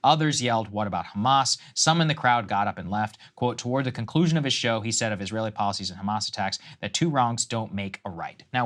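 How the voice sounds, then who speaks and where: A man's voice: mid-range voice, a bit bright. A man co-hosting a political news show, reading reports aloud and then riffing with restarts. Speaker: co-host.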